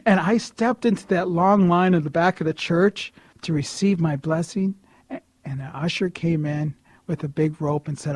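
A man tells a personal story with lots of energy, his voice fairly high for a man. He swings from loud bursts to hushed asides. The recording is dry and close. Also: moderate pace, dry recording. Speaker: storyteller sharing a personal testimony.

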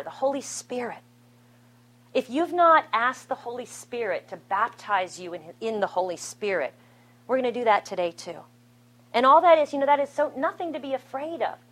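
A middle-aged woman speaking to a live Catholic gathering, telling her testimony in an animated, conversational and self-deprecating way. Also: fairly high pitch, poor audio. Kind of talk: spoken testimony to a live audience. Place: room with an audience.

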